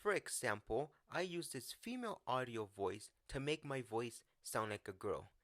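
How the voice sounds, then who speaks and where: A man's voice: medium pitch, animated, normal speed, a bit bright, dry recording. Guy doing a chill commentary vid, blunt, swears a bit, super dry close mic. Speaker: commentary channel host. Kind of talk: casual commentary vlog.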